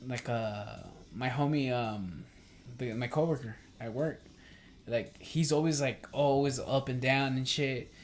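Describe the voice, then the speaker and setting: Young guy rambling on a podcast, swears constantly, lots of like and um, mid-pitched voice. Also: measured pace. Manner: rambling, swears a lot, many fillers; acts out quoted talk with a livelier voice. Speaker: podcast host. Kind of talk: casual chat.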